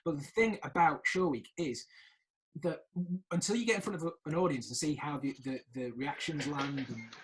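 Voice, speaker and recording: A man's voice: fairly high pitch, moderate pace, background noise. A man hosting a casual podcast chat, telling theatre stories animatedly and laughing often. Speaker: podcast host.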